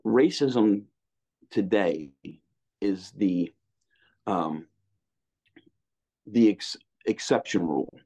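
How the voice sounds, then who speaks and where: A man's voice: sits low, animated, unhurried, long pauses, a little mellow. A middle-aged man telling his story in a candid conversation, rambling with many restarts and casual asides like "man" and "you know what I mean". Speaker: interview guest. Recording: dull lo-fi sound.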